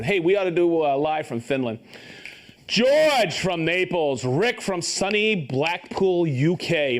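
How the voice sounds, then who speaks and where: Brief: high, animated male host, upbeat and joking, calling out viewer shout-outs live. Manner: upbeat, reads viewer names and places, jokes and stumbles on pronunciations. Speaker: host of a live tool show.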